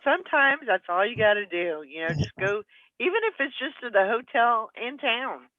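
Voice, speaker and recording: A woman's voice: a little high, animated, no echo, narrow, tinny audio. A woman co-hosting a morning show who chats casually, agreeing with the others and offering encouraging remarks. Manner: encouraging, quick to agree and laugh. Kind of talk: casual chat.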